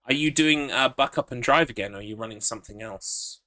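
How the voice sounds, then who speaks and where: A man's voice: medium pitch, a little fast, pushed and bright. A man streaming a game live, chatting in an upbeat way, reading chat aloud and laughing often.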